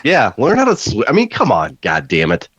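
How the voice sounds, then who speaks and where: A man's voice: mid-range voice, huge pitch swings, normal speed, a bit bright, breathy edge, no room sound, muffled recording. A man co-hosting a casual movie podcast, speaking bluntly with a wry edge. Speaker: podcast co-host.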